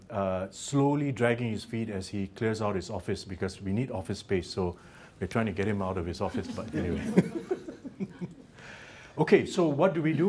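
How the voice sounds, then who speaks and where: A man with a New Zealand accent delivers an academic lecture in a lecture theatre. His voice sits fairly low and has a slightly husky edge. He talks haltingly, repeating words and restarting sentences, with the odd joking aside. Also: a little mellow.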